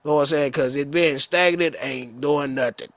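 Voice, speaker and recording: Man, debate panelist, casual, blunt, slangy, mid pitch, dry close sound. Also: moderate pace, fairly bright tone, dry recording.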